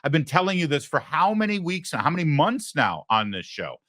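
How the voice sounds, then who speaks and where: A man's voice: a little high, sing-song, a little fast, fairly bright tone, no echo, clean studio sound. A man hosting a talk show, giving emphatic opinionated commentary and asking rhetorical questions. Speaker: host.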